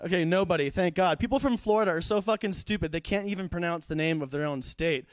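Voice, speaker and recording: A man's voice: high voice, quick pace, no echo. Rambling young man doing stand-up. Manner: rambling, loses his thread, profane. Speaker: stand-up comedian. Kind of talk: stand-up comedy set. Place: live comedy show in a studio.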